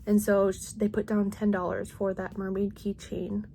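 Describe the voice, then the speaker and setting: A woman's voice: mid-range voice, level tone, normal speed, creaky, dark tone, a little hiss or hum. A woman in her thirties, a crochet vlogger, chatting casually at home and rambling with lots of "like" and restarts.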